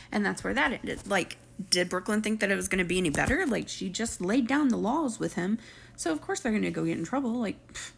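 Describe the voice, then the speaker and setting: A woman's voice: medium pitch, animated, brisk, creaky, breathy edge. A woman, casually recapping a reality show, chatty and sarcastic, acting out what people said. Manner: chatty, sarcastic, acts out quotes.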